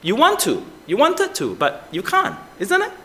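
A man's voice: very high voice, huge pitch swings, moderate pace, sharp tone. A man preaching a sermon as pastor, asking the congregation many rhetorical questions.

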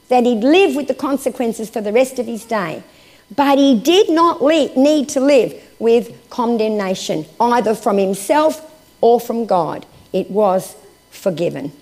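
A woman preaching a sermon and reading scripture aloud, her voice lifting for emphasis and then dropping to hushed, slow phrases. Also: fairly high pitch.

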